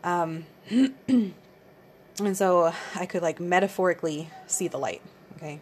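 A woman's voice: fairly low pitch, a little slow, a little mellow, a little hiss or hum. A woman in her thirties talking candidly in a rambling casual monologue, swearing freely, as the podcast host. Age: 30s.

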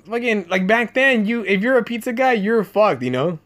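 A man's voice: high voice, lively intonation, moderate pace, a bit bright. A young man hosting a podcast, telling rambling stories full of swearing in casual chat. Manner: profane, rambling storyteller. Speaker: podcast host. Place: Los Angeles area podcast room.

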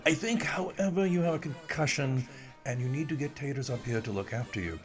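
A man's voice: brisk, faint music behind, close to an everyday voice. A man voicing a baffled male ghost who needles his friend in a raised, teasing voice. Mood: wry, teasing. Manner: teasing, higher-pitched put-on voice.

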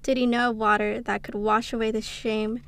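A woman reads passages of a devotional book aloud for her podcast. Her voice is fairly high but carries a gravelly fry, and she reads at a steady, unhurried pace, slowing down on key phrases. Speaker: podcast co-host.

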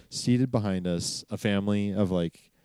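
A man's voice: fairly low pitch, unhurried, dark tone, clear, resonant tone, no room sound. A man in his thirties co-hosting a casual travel podcast, rambling through stories with a slightly curmudgeonly, wry manner. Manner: rambling storyteller, self-described curmudgeonly. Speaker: podcast co-host.

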